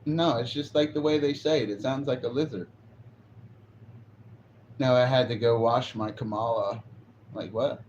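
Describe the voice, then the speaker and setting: A man's voice: medium pitch, steady tone, moderate pace, long pauses, darkish tone. Male streamer, casual and profane, rambling; muffled lo-fi audio with light background noise. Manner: rambling and profane, reacting to chat. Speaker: live streamer. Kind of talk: casual chat.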